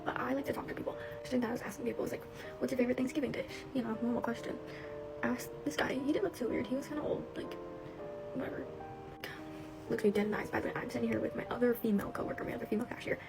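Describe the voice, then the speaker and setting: A teenage girl rattles off a story quickly, with a gravelly fry running through her fairly high voice. She chats along with lots of fillers and bemused asides, and music plays behind her. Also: rough recording. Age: teens. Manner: chatty, filler-heavy, bemused. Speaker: cashier. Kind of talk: casual storytime.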